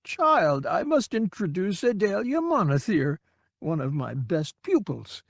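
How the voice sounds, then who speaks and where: A man's voice: sits high, huge pitch swings, vocal fry, no echo, studio quality, voice pushed up, heavily acted. A man doing a quavering, confused old man. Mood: wavering, confused. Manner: quavering, hesitant, slow. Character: confused frail old man, wavering and kindly.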